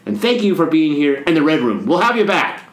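A man's voice: fairly high pitch, big pitch swings, fairly quick, echoey room. A man, a priest, co-hosting a casual chat, joking and rambling playfully. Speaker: priest and podcast co-host.

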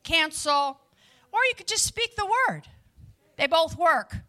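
A woman preaching a lively sermon to a live audience, with chatty asides to the listeners. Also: high voice, a little slow.

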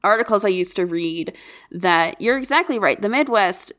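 A woman's voice: medium pitch, animated, normal speed, a bit bright. Woman, podcast co-host, earnest, advice-giving, steers the chat, casual talk.

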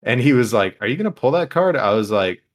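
A man's voice: medium pitch, sing-song, fast talker. A man co-hosting a podcast, telling crude, profanity-filled stories in a casual way and laughing as he goes. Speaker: podcast co-host. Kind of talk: casual storytelling.

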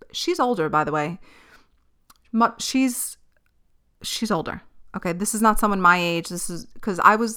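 A woman's voice: lowish voice, sharp tone, smooth. A young woman hosting a podcast, telling a personal story in a candid, exasperated way, swearing and laughing often. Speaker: podcast host. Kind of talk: casual storytelling monologue.

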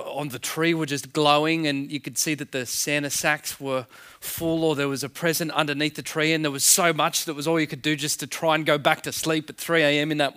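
A man's voice: on the high side, a bit bright, clean tone. A man preaching a sermon in a conversational way, full of rhetorical questions. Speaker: pastor.

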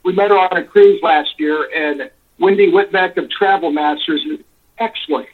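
A man phones in, his high voice moving at normal speed through a tinny line. Exasperated, he swears freely while rambling through a lengthy complaint.

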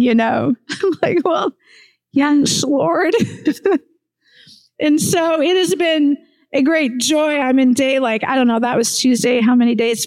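A woman pastor delivers a sermon in a high voice. She talks casually and personally, often breaking into laughter. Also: poor audio. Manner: warm, laughing often, conversational.

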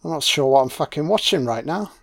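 A man's voice: a little high, lively intonation, fast talker, a bit bright, no room sound, studio quality. A man with a British accent giving an audio commentary on a film, mocking it with sarcastic, heavily profane riffs.

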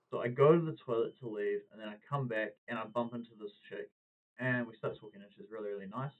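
A man, hosting a podcast and telling a story in a casual, animated way, acting out what people said. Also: mid-range voice, quick pace. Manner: animated anecdote-telling, acting out quoted lines. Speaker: podcast host. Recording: tinny phone-like audio.

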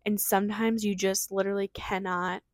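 Young woman, solo podcast host; fast, filler-heavy casual chat; dry close mic, mid pitch. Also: level tone, dry recording. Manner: fast, chatty, lots of fillers.

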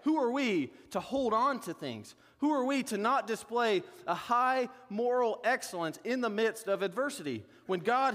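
A man's voice: sits high, fairly bright tone, in a large hall. A man pastor preaching a sermon in a conversational way, with joking asides.

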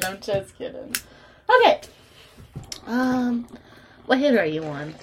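Slow-talking stoned woman, faint hiss. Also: on the high side, very animated. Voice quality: laughing, teary. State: stoned, coughing. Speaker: vlogger. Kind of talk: casual stoner chat.

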